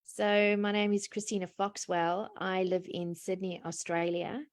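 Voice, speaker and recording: A woman's voice: medium pitch, little pitch movement, unhurried. An older woman from South Africa with a South African accent, a guest chatting on a video call about her life and work. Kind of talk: casual video call chat.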